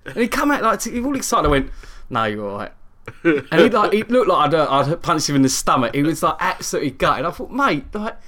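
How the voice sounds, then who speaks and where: A man in his thirties telling a story on a podcast with a lot of life in his voice, jumping all over the place in pitch. His tone is bright and sharp, and he laughs, swears and puts on the voices of the people in his tale. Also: lively intonation, quick pace. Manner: laughs a lot, swears freely, acts out other people's lines. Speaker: podcast co-host. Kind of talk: casual chat, storytelling.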